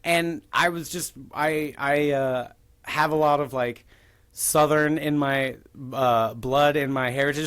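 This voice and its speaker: A man's voice: on the high side, fairly even intonation, slow, fairly bright tone, clear, resonant tone. A man telling a rambling tabletop-game story in casual podcast chat. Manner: rambling, with many restarts.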